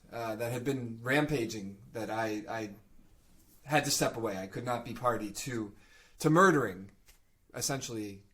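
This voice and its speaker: A man voicing an ancient male Furbog warrior who speaks in a halting, earnest and solemn way. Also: medium pitch, fairly bright tone, natural voice.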